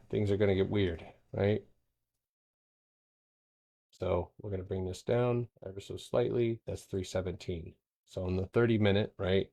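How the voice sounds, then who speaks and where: A man's voice: fairly low pitch, darkish tone. A man hosting a stock trading livestream, giving loose, joking market analysis and swearing now and then. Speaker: stock trading stream host.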